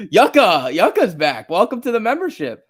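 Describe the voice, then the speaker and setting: A man's voice: high voice, fairly bright tone, slightly rough. A man hosting a casual stock market livestream, chatting and laughing often as he reads chat and tells stories. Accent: New Jersey.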